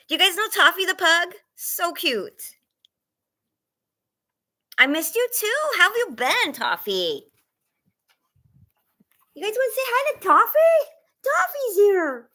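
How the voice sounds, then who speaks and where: Bubbly bright-voiced woman streaming live. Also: fairly high pitch. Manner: bubbly, squeals greetings, coos at her dogs. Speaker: livestream host. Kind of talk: casual livestream chat greeting viewers.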